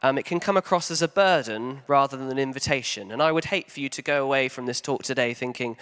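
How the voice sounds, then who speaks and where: A man as a pastor giving a sermon in a church hall, talking conversationally with frequent ums and animated emphasis. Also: mid-range voice, fast talker, hardly any pauses, clean tone.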